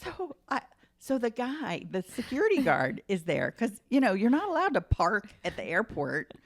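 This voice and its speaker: A woman's voice: a little high, normal speed. A middle-aged woman, a mother co-hosting a casual family podcast, telling stories and acting out what people said. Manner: animated storyteller, acts out quotes. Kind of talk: casual chat.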